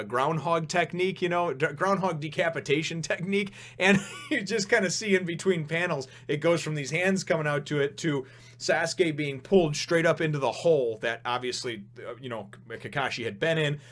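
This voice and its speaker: A man talking casually and at length as he reviews a comic. He rambles through his points, chuckles often and leans on fillers, and his voice sits at an average pitch. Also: fairly bright tone. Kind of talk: casual chat.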